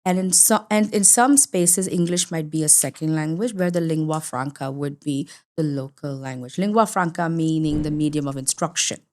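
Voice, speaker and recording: A woman's voice: sits low, normal speed, few pauses, darkish tone. A woman from India, a guest on a podcast, talking expressively and emphatically, laughing easily and rephrasing herself mid-sentence. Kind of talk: conversational podcast interview.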